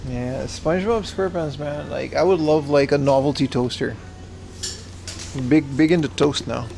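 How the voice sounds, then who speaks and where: A man's voice: fairly high pitch, normal speed, gravelly, a little mellow, a little hiss or hum. A man casually chatting on a livestream as he browses a secondhand shop, slangy and talkative, answering his chat.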